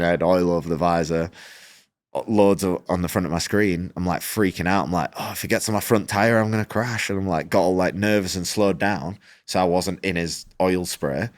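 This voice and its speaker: Low-voiced man telling a story. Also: no echo, studio quality. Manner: animated, acts out quoted exchanges, frequent "like" fillers. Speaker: motorcycle racer, podcast guest. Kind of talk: casual storytelling in an interview.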